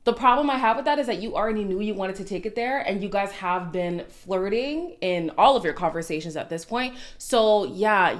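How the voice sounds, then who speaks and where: A woman hosting a reality TV recap video in casual commentary, opinionated and sassy, who repeats her lines for emphasis. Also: medium pitch.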